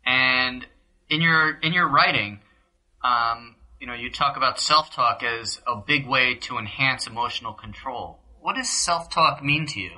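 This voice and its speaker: A man's voice: mid-range voice, a little slow, pushed and bright, low-quality recording. A man hosting a podcast interview, asking questions hesitantly with frequent ums. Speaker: podcast host.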